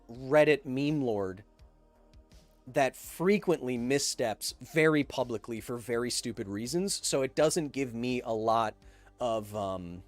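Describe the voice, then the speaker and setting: A man in his thirties hosting a casual podcast live stream, reading viewer questions and answering with animated, opinionated emphasis. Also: no echo. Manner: animated and opinionated, with emphatic swings in pitch and volume.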